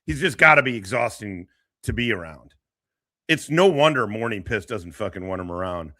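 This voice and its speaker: Crude mocking man with lively pitch. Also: normal speed, no room sound, clean studio sound. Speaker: streamer commenting on a clip. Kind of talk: casual profane commentary.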